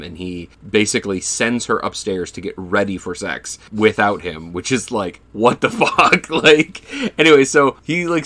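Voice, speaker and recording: A man co-hosting a casual movie review podcast, telling scenes with lots of laughter and casual swearing. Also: fairly low pitch. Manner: animated storytelling, laughs often, swears casually. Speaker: podcast co-host.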